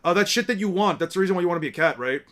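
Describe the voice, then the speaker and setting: A man's voice: high voice, lively intonation, very fast, fairly bright tone. A man streaming a manga read-along, commenting casually with lots of swearing and laughter. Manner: loose, profane, laughs easily. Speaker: streamer reading a manga aloud.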